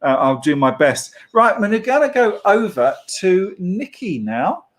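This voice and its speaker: A man's voice: sits high, sing-song, unhurried. A man with an English accent hosting an online church session over a video call, friendly and hesitant, with many fillers. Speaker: host.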